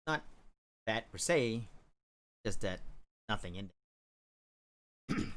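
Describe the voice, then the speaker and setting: A man streaming while he draws, chatting casually and rambling, with hesitant pauses and chuckles. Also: on the low side, lively intonation. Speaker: livestreamer drawing on stream. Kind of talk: casual chat while drawing.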